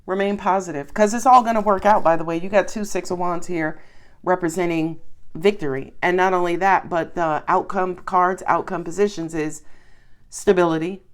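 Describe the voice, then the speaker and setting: A woman's voice: on the low side, steady tone, moderate pace. A woman with a Southern US accent giving a chatty, reassuring tarot reading to her viewers. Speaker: tarot reader.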